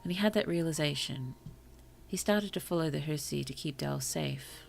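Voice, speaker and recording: A woman streamer reading short stories aloud to her chat, slow and careful, with apologetic asides between passages. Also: low-pitched, creaky, soft background music. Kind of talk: story reading on a livestream.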